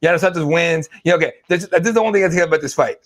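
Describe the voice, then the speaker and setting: A man's voice: fairly high pitch, very fast. A man co-hosting a casual podcast, ranting with lots of swearing and mocking impressions. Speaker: podcast co-host. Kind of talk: casual chat.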